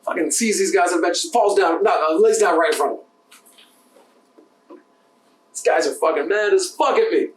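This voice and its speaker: A man, a bartender co-hosting a podcast, telling animated stories in casual chat, acting out the exchanges and swearing freely. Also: high-pitched, quick pace, pauses often, echoey room, distant mic. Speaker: podcast co-host.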